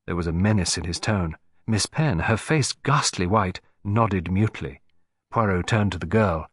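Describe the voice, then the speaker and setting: A man reading a detective story aloud in a measured, expressive storytelling manner. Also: low-pitched, slightly rough, no room sound. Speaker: audiobook narrator. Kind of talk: scripted storybook narration.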